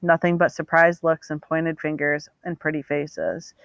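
A woman narrating an audiobook with steady, expressive storytelling. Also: low-pitched, unhurried, gravelly, no echo. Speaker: audiobook reader.

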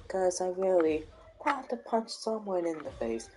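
Animated joking male game streamer. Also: on the high side, moderate pace, slight background noise. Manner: joking, boastful, rambling. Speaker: gaming streamer. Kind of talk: live-stream commentary over gameplay.

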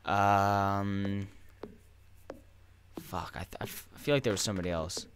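A young man giving crude, rambling gameplay commentary, breaking into loud excited yelling at times. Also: lowish voice, measured pace, background noise. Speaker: gaming YouTuber.

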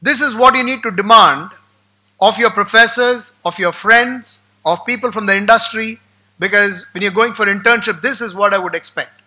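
A man's voice: sits high, moderate pace, sharp tone. A man giving a motivational talk to students, telling stories and repeating key points for emphasis. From India. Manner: storytelling, emphatic repetition. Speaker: guest speaker to management students.

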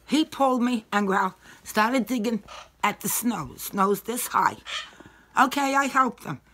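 A woman's voice: on the high side, expressive, measured pace, bright, forceful tone. A woman in her own home, chatting casually in a rambling, salty-tongued way while handing over her pets. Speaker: dog owner giving up her pets. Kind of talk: casual chat.

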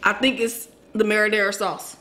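A woman co-hosting a casual eating vlog, chatting to viewers in a lively, friendly way. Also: medium pitch, moderate pace. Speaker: vlog co-host. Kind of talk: casual mukbang chat.

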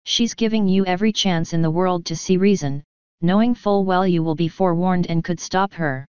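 Solemn royal pony princess, grave and earnest, woman reading her, lowish smooth voice, dull lo-fi sound. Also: darkish tone, no room sound, lightly acted. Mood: pleading. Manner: measured, solemn pleading. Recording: dull lo-fi recording.

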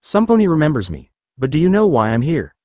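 Picture a proud, sneering alicorn queen of the night, as a male reader puts her on, lifting her voice a touch and drawing out every mocking word. She talks down to everyone around her, slow and grand. The sound is dry and close, with no room around it. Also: a little high, huge pitch swings, a little mellow, no room sound. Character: haughty dark female alicorn villain, mocking.

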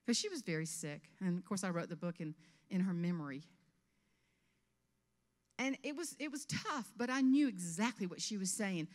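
A woman in her fifties from South Carolina with a Southern US accent, giving a humorous keynote speech on stage with animated storytelling. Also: medium pitch, moderate pace, long pauses, in a large hall. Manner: animated storytelling with character voices. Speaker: motivational speaker. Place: event stage before an audience.

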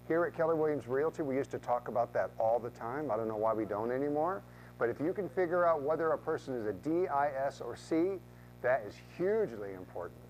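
A man teaching a room of real estate agents in a training talk, lively and acting out quoted voices, often repeating words as he goes. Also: fairly high pitch, a little hiss or hum, poor audio.

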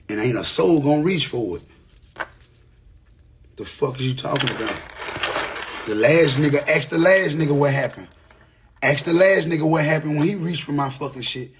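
A man's voice: a little high, slight background noise. A man in his thirties with a Memphis Southern accent, ranting to the camera in an angry, profane way and hammering home repeated phrases. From Memphis, Tennessee. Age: 30s. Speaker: rapper. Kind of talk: heated rant to camera.

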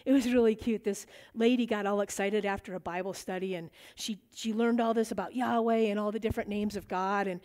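A middle-aged woman teaching a bible study, lively and animated, acting out the voices in the stories she tells. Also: medium pitch, fairly quick, hardly any pauses. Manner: animated, acts out quoted voices.

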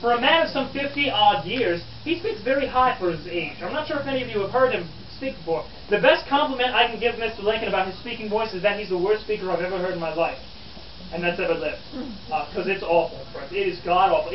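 A man's voice: high-pitched, fast talker, slight background noise, close to an everyday voice. A man playing a scornful 1860s newspaperman. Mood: mocking, theatrical. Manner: theatrical, scornful, calls listeners "friends". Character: scornful 1860s male newspaperman, lecturing crowd. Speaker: living history interpreter. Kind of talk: in-character living history talk to visitors. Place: outdoor historic park program. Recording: distant, roomy, dull camera audio.

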